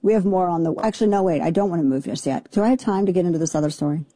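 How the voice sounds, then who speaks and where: A woman's voice: on the low side, racing, warm tone, dry recording. A woman hosting a talk radio show, giving indignant, sarcastic commentary.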